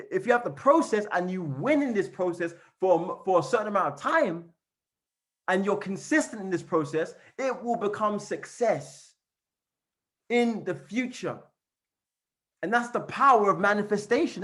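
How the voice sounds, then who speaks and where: A man giving an energetic motivational training on a call, repeating and chanting phrases as he coaches his team. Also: sits high. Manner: fired-up, repetitive, chanting phrases. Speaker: network marketing trainer. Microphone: call recording.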